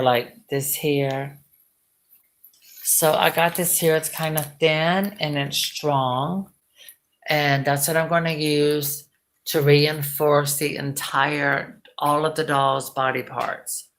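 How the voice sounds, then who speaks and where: A woman's voice: deep voice, reverberant, slight background noise, low-quality recording. A woman restoring dolls, chatting in a rambling way and exclaiming often as she sorts her supplies at home. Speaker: doll restoration vlogger. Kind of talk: casual live-stream chat. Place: home room with stored boxes.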